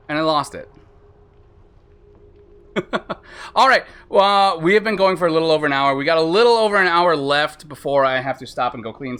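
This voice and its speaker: Man, live game stream, rambling chat, bright voice, laughs at himself. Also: a little high. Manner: casual swearing. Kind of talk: casual live-stream commentary.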